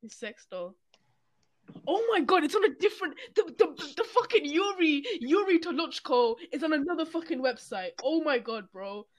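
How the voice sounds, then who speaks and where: A young man co-hosting a casual podcast, excitable and profane as he reads out odd news stories. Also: very high voice, moderate pace. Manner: excitable, swearing, laughs while reading news. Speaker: podcast co-host.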